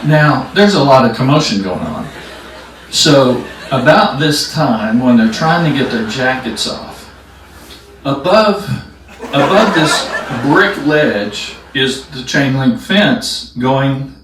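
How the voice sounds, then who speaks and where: A man doing stand-up, telling a story and acting out the characters' shouts. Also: fairly high pitch, slow pace, heavy reverb, distant mic, a little hiss or hum, poor audio. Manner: animated, acts out characters' shouts. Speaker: stand-up comedian. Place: live comedy venue.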